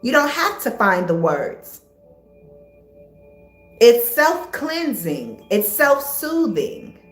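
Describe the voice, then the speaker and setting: A woman's voice: a little high, sing-song, extremely slow, soft background music. A woman hosting a live spiritual coaching session, talking casually and encouragingly, repeating key phrases in a soothing way. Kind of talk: casual spoken live stream. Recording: echoey room.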